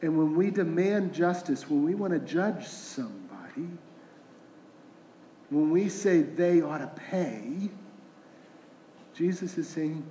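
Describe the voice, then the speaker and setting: A man's voice: on the high side, lively intonation, slow pace, pauses often, warm tone, slight background noise. A middle-aged man, a pastor, preaching a conversational sermon full of rhetorical questions. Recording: roomy echoing hall.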